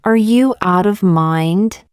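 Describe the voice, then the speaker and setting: A woman reading short example sentences one by one for English learners, in a slow, deliberate, evenly paced way. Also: medium pitch, darkish tone, clean tone, no echo, clean studio sound. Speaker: English teacher.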